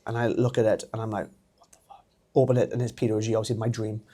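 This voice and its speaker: A man in his thirties with a Welsh accent, a wrestler telling his story as a podcast guest, animated and laughing often. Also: lowish voice, racing. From Wales. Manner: animated, laughs often, acts out quoted voices. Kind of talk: casual storytelling interview.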